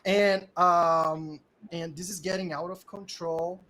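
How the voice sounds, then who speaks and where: A man with a Portuguese-speaking background narrating as game master in a lively storytelling way. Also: high voice, slow pace, poor audio. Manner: lively storytelling with many "like" fillers. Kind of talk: narrating a tabletop game in English.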